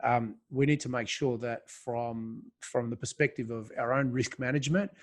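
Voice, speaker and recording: Male podcast host; measured, thoughtful questioner, mid pitch. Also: steady tone. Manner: thoughtful, hedging, restarts phrases. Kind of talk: casual podcast interview.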